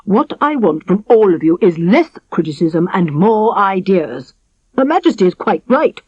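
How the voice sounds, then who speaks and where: A woman voicing a blustering, quick-tempered king in a storybook reading, with slow, booming, indignant delivery. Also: big pitch swings, darkish tone, husky, no echo. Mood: exasperated. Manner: booming, drawn-out indignant speech. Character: blustering cross middle-aged king. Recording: dry, slightly dull studio recording.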